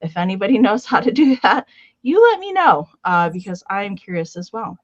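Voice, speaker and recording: A woman's voice: mid-range voice, sing-song, a little fast. Chatty woman host on muffled stream audio. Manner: chatty, greets viewers by name; explains steps plainly with many fillers. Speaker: co-host of a live vintage sale. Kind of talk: casual live-stream chat.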